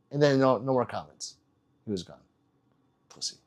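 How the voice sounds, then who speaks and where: A man's voice: mid-range voice, animated, a little fast, long pauses, a little mellow. A man livestreaming, reading out chat messages and teasing viewers in a loose, rambling, joking way.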